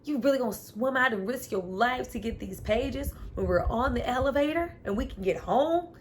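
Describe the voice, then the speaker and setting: A woman's voice: a little high, animated, moderate pace, a little hiss or hum, close to an everyday voice. A woman voicing an exasperated young woman, sassy and incredulous, in a casual retelling.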